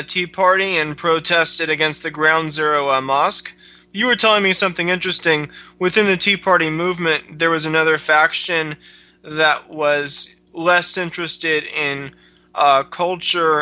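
A man interviewing a guest, asking halting questions full of "like" fillers. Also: a little high, pushed and bright. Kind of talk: casual conversational interview. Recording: dull, lo-fi audio.

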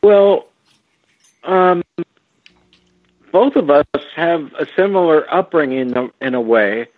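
A man talks slowly and haltingly, stopping often to restart his thoughts. His voice comes through a tinny phone connection with no room sound at all. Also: fairly high pitch, dry recording. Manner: slow, halting, with frequent fillers and restarts. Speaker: guest. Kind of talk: relaxed storytelling over a phone line. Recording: tinny phone line, dry.

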